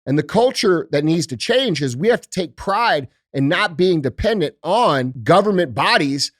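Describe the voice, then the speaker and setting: A man's voice: a little high, animated, normal speed, a bit bright, no echo, studio quality. A man hosting a casual podcast, talking bluntly and emphatically and swearing freely. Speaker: podcast host. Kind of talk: casual studio podcast chat.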